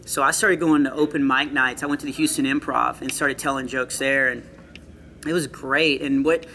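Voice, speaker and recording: A middle-aged male comedian chatting in an interview, telling earnest stories with quick asides. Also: mid-range voice, fairly even intonation, pushed and bright, slight background noise. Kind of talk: casual interview chat. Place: comedy club after a show.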